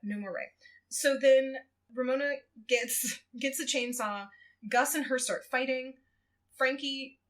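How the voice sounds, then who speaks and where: A woman retells a story in casual podcast chat, her voice a touch high and very bright. She talks animatedly, laughs often and slips into quick acted quotes. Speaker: guest co-host.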